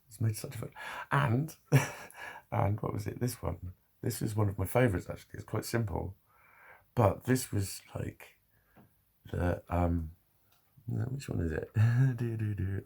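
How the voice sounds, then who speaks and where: A man's voice: lowish voice, gravelly, a little mellow, slightly rough. A man vlogging in a loose, rambling monologue, swearing a lot and laughing often.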